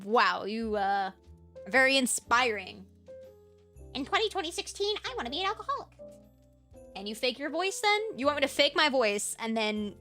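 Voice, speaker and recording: Projecting streamer woman, sore throat. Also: mid-range voice. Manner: projects from the diaphragm with lively inflection. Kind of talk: casual chat with viewers.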